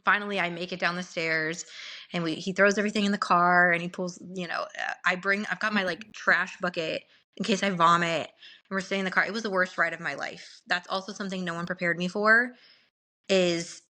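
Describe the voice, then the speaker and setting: Bright, animated woman telling a story. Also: fairly low pitch, a little fast. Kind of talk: casual podcast storytelling.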